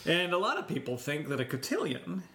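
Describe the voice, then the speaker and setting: Guy cohosting a drinks podcast, joking around, voice bounces a lot, a bit high. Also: very animated, fairly quick, fairly bright tone. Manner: joking, laughs often. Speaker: podcast co-host. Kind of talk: casual chat.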